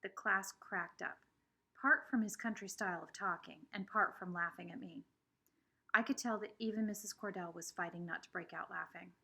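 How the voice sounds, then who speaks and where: A woman's voice: mid-range voice, normal speed, gravelly, breathy edge. A woman reading a children's novel aloud with expression. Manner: expressive, shifting between voices. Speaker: reader.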